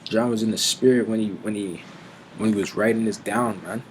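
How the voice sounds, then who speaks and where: Male Bible teacher, slightly low pitch, casual and profane, slows right down for verses. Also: fairly even intonation, slight background noise, poor audio. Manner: street slang, profane, reads scripture slowly and deliberately.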